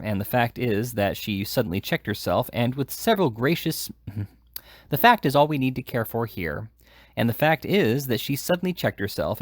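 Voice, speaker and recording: A man's voice: medium pitch, no room sound, clean studio sound. Man reading a classic novel aloud. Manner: casual, with slips and restarts. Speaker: reader. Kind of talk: audiobook reading.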